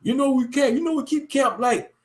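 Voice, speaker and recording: A man mocking a whiny shrill street preacher. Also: fairly quick. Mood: pleading. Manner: whiny, repetitive, shouting accusations. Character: whiny nagging male street-camp preacher, accusing, shrill.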